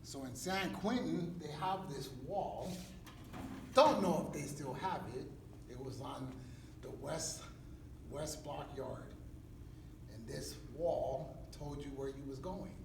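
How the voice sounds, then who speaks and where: High-voiced cali pastor acting out his story with street slang, echoey hall, mic far off. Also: takes it slowly, vocal fry, background noise. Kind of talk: dramatic personal testimony skit.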